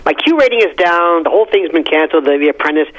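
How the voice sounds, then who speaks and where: A man putting on a brash, scheming male celebrity candidate, boasting in rapid bursts. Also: on the high side, animated, fairly bright tone, highs cut off, pitched below the performer's own voice. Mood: boastful.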